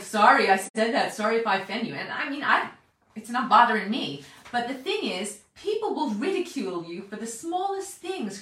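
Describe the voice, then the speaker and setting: A woman preaching a chatty, animated Bible teaching, often acting out what people say. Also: medium pitch. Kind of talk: sermon. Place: large echoey room. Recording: very echoey hall, mic distant.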